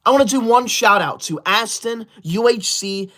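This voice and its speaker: Performer as a bossy prim streamer, indignant, scolding, self-important, school-obsessed, mid pitch. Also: normal speed, sharp tone, natural voice. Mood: grateful. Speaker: livestream host reading super chats. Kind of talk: comedic character livestream.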